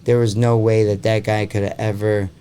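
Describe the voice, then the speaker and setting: A man's voice: lowish voice, flat delivery, normal speed, dark tone, a little hiss or hum. A man hosting a podcast in casual chat, rambling with lots of fillers and swearing freely. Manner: rambling, heavy on fillers like "like" and "you know". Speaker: podcast host.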